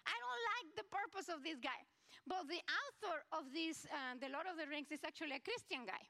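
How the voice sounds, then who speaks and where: A woman pastor with a Mexican accent preaches to her congregation in a chatty, personal way. Her voice sits high. She speaks in a church. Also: expressive, fairly quick, gravelly. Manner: warm, conversational preaching with asides to the congregation. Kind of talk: sermon. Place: church sanctuary.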